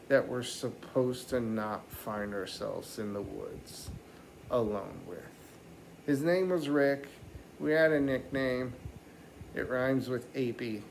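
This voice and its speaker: A man doing stand-up comedy, telling a rambling, animated story and slipping into mock voices. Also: medium pitch, creaky, a little hiss or hum, low-quality recording.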